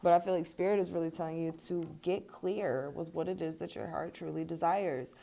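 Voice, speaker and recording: A young woman talks her viewers through a card reading in a loose, chatty way, laughing often and dropping casual swears. Her voice sits a little low and sounds mellow and warm rather than bright. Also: steady tone, fairly quick, vocal fry. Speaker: tarot reader.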